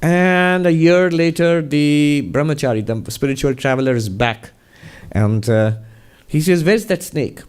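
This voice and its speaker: Monk giving a spiritual Q&A talk, measured, conversational storyteller. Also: male voice, a little high, steady tone, smooth. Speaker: monk and resident minister.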